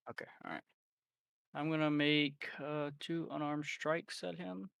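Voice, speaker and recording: A man's voice: fairly high pitch, fairly even intonation, a little slow, vocal fry, a bit bright, clear, resonant tone, dry recording. A man playing a tabletop game who keeps asking to check the rules before acting. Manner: asks questions to check the rules. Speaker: player.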